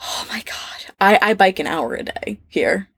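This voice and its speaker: A woman with an American accent, chatting casually as a podcast co-host in a camping trailer, animated, laughing often and acting out little quotes. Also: mid-range voice, measured pace, vocal fry, breathy edge, in a whisper. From United States. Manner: animated and laughing, tells stories with mock quotes. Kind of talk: casual chat.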